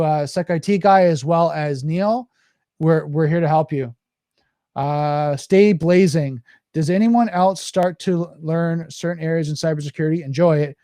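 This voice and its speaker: A man's voice: a little high, warm tone, dry recording, studio quality. A man hosting a podcast, rambling casually and answering viewer questions. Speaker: podcast host. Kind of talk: casual livestream podcast talk. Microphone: podcast mic.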